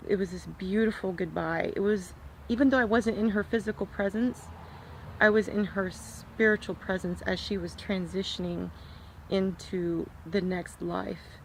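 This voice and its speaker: A woman vlogger telling a personal story to her viewers in a soft, reflective way, pausing often with fillers. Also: medium pitch, slight background noise.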